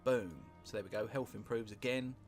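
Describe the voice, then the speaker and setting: A British man talks through a strategy game in a relaxed, rambling way, musing aloud and dropping wry, sweary asides. His voice is low and gravelly. Music plays clearly beneath him throughout. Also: moderate pace. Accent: British English. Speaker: gameplay commentator. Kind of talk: casual let's-play commentary. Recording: music playing underneath.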